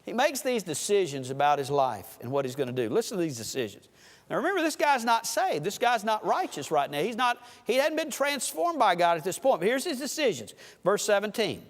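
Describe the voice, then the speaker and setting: A man preaching a sermon, telling folksy farm stories and swinging between loud and soft delivery. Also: sits high, big pitch swings, a little fast, long reverb tail. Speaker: pastor.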